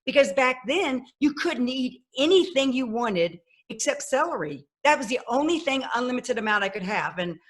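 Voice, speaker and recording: A woman in her fifties, a podcast guest telling her life story in a lively way and acting out the voices of people she quotes. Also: high-pitched, normal speed, hardly any pauses. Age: 50s. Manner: animated, acts out quoted voices. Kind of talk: personal storytelling.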